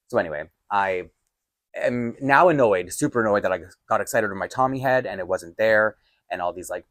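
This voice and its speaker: A man telling a personal story in a casual vlog, animated and exasperated, with sudden loud outbursts. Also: lowish voice, no room sound.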